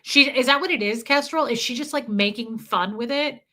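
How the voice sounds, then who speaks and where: A young woman hosting a live stream, chatting casually and reading out viewers' names in an animated, chatty way. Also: a little high, moderate pace. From Midwest US. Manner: chatty, animated, reads chat names aloud. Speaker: livestream host.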